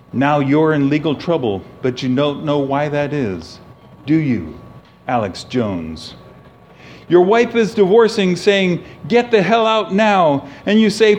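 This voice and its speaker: A man's voice: high voice, darkish tone, a little hiss or hum. A man singing a satirical protest song in mocking, accusatory verses.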